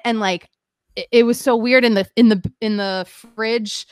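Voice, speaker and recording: A woman's voice: medium pitch, fairly even intonation, normal speed, clear, resonant tone, no echo. A young woman candidly telling a painful personal story as a guest, rambling with lots of "like" and shifting emotion. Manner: rambling, heavy use of "like", emotional.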